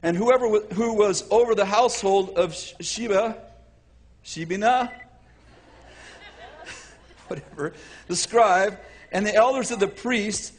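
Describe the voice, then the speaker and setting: A male preacher giving a lively sermon, acting out voices and often restarting his sentences. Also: sits high, takes it slowly, pauses often. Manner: animated, acts out voices, self-correcting.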